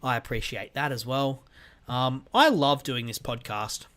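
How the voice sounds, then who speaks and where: A man's voice: mid-range voice, unhurried, fairly bright tone. A man hosting his own podcast from a room at home, chatting loosely with lots of fillers. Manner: chatty, rambling with fillers and restarts. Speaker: podcast host. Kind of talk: casual solo podcast sign-off. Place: home room with weights and a guitar.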